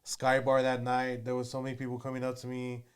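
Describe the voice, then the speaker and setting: A man's voice: medium pitch, monotone, a little fast, clean tone. Guy in his 30s rambling thru stories, "you know" every other line. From Texas. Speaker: guest. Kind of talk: casual storytelling.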